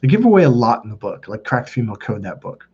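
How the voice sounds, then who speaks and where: A dating coach talks in a loose, rambling way, swearing freely and leaning on filler words. His voice is husky and mellow. The recording sounds a bit dull and lo-fi. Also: medium pitch, big pitch swings, fast talker. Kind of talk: casual storytelling monologue.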